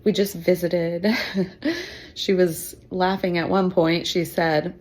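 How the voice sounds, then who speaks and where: A woman's voice: lowish voice, level tone, slow pace, a little mellow. A woman in her fifties, a teacher, telling her own adoption story in an emotional, chatty way with fillers and laughs. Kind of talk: personal storytelling.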